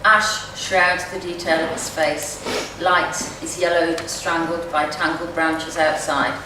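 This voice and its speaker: A woman giving a measured, expressive poetry reading at a community event. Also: sits low, noisy background. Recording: echoey room, distant mic.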